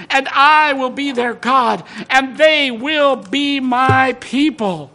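High-voiced, excitable preaching man. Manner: emotional, preaching with sung hymn lines; exclaims praise, apologizes for excitement. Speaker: guest preacher. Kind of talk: sermon. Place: church before a congregation.

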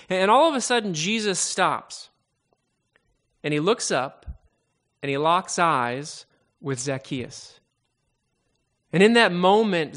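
Male preacher, a touch high-voiced, telling a Bible story with drama and many stammered restarts. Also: fairly bright tone. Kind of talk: sermon storytelling.

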